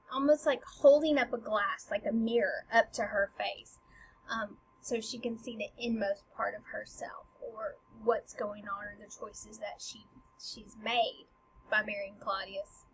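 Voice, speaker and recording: A woman teacher explaining a play scene by scene in a chatty, playful way, in a slightly dull recording with faint hiss. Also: on the high side. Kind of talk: casual explainer lesson.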